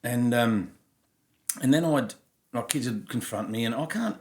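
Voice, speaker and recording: A man in his fifties, born in Germany, who co-hosts a candid podcast. He tells his stories bluntly and with plenty of animation, swearing freely. His voice sits at an ordinary middle pitch. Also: unhurried, a little mellow. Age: 50s. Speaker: podcast co-host. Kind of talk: casual storytelling chat.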